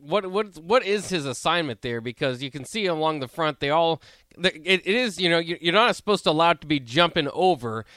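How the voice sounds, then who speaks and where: A man hosting a football talk show, asking halting, curious questions for viewers new to the game. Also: a little high, pushed and bright, no echo. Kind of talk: casual sports talk.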